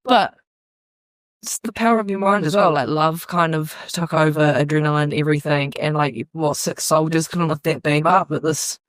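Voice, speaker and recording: A woman's voice: deep voice, normal speed, dry recording. Swearing young New woman storyteller. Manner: animated storytelling, swearing, acting out quotes. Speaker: podcast guest. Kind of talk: casual podcast chat.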